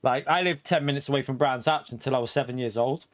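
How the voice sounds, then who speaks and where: A man's voice: medium pitch, quick pace, no echo, studio quality. A middle-aged man from England chatting casually on a live stream through a headset, laughing often between remarks. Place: home.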